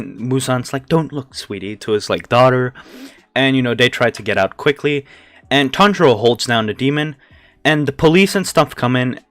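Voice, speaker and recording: A man's voice: mid-range voice, fairly bright tone, no echo. A man casually retelling a story as host, rambling with lots of fillers and frequent laughs. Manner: rambling, many fillers like "like" and "you know"; laughs often between lines.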